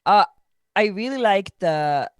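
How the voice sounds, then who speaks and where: A young woman with a French accent chats on a podcast, tired yet eager, hopping between thoughts with many fillers and restarts. Her voice sits at an ordinary pitch and is captured close to the mic in a dry, unreverberant sound. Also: expressive, slow pace, dry recording. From France. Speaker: podcast co-host. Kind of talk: casual podcast review chat.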